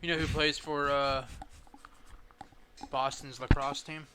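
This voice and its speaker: Laid-back, bright-voiced podcast co-host man. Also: fairly high pitch, flat delivery, slow. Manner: laid-back, filler-heavy. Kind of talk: casual chat.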